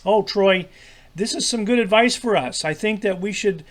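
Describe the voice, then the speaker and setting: Teaching a devotional lesson for children, a man with a high voice speaks in a friendly, stop-and-start manner, packed with fillers and repetitions.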